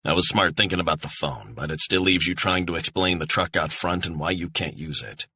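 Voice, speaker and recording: Man doing a gruff handler on the line, low husky voice, brusque, swears freely. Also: a little fast, pushed and bright, no room sound, heavily acted. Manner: clipped, brusque orders. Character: blunt male handler on the phone, curt and profane.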